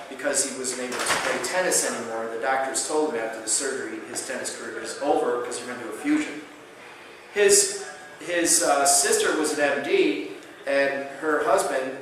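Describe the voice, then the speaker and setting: A man giving a conference lecture, telling patient stories in an animated way and acting out the dialogue. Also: mid-range voice, background noise. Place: large conference hall. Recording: echoey hall from far off.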